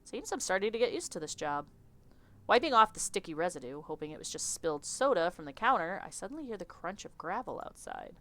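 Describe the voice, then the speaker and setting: A woman streamer reading a visual novel aloud in an animated, chatty way, often laughing. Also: on the low side, fairly quick.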